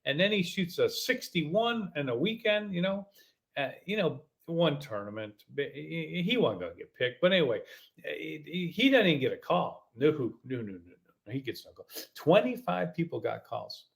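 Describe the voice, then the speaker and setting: A man's voice: fairly high pitch, big pitch swings, vocal fry. A man hosting a podcast in a casual, exasperated rant, repeating himself with many restarts. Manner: halting, many fillers and restarts. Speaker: podcast host.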